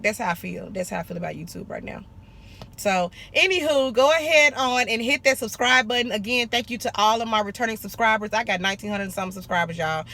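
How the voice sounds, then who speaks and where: A young esthetician vlogger from Arkansas, USA, hands out blunt, sassy business advice in a casual vlog, calling viewers honey and baby. Her voice is a little high and a bit bright, and she talks briskly.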